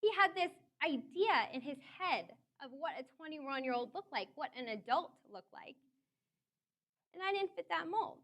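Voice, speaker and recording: A young woman giving a talk to an audience, telling a personal story in an animated way. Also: sits high, normal speed. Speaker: speaker.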